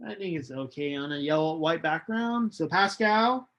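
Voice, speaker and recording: A male chemistry lecturer giving a recorded online lecture, unhurried and hesitant, with many ums and restarts. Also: a little high, expressive, fairly bright tone, lo-fi sound. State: losing his voice, coughing.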